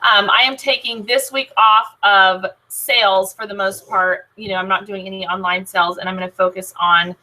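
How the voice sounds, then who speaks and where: A woman with a bright, clear voice gives a casual team training talk. She rambles cheerfully, filling her speech with ums and quick restarts, always upbeat and eager. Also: medium pitch, fairly even intonation, rough recording. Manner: chatty, many filler "um"s and restarts, upbeat. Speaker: team leader of a sales team.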